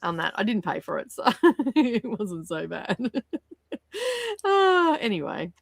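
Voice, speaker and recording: A woman's voice: mid-range voice, very animated, takes it slowly, vocal fry, no echo, clean studio sound. A woman hosting a casual reading livestream, chatty and laughing often, with lots of fillers. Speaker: livestream host. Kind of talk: casual chat with viewers.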